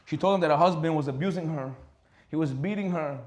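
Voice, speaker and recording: A man, a rabbi giving a Torah class, telling a story with lively acted-out dialogue. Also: a little high, fast. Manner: animated, acts out dialogue in a story.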